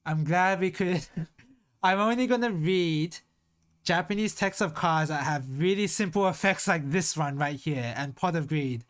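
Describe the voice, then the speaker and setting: Slow, muttering streamer sounding out words. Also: mid-range voice. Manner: slowly sounding out foreign words syllable by syllable; thinking aloud, trailing off into mutters. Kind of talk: casual live-stream talk while practicing Japanese.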